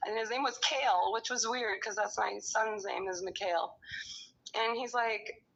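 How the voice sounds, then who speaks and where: A woman's voice: medium pitch, unhurried, vocal fry, fairly bright tone, husky. A middle-aged woman telling a rambling, angry story in casual conversation, cursing often. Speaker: storyteller recounting her own experiences. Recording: dull lo-fi recording.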